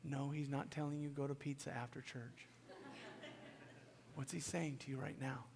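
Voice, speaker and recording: A fiery pastor preaches a sermon in a big church sanctuary, his medium-pitched voice level at normal speed with some vocal fry. He builds to loud, pleading peaks, then drops to a hushed whisper. The recording has a noisy background and the long reverb of a church hall.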